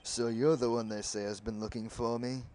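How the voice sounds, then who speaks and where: A man voicing a pompous older male lawyer who keeps clearing his throat theatrically. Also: medium pitch, flat delivery, moderate pace, warm tone, a little hiss or hum, close to an everyday voice.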